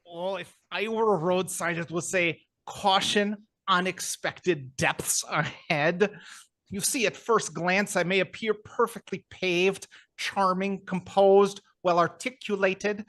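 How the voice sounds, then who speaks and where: A florid, theatrical gentleman, as a man acts him out in an improv comedy show. He savors every word with polished precision. The voice sits a little high. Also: slow pace. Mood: suave. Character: suave Austrian actor persona, man, urbane and theatrical.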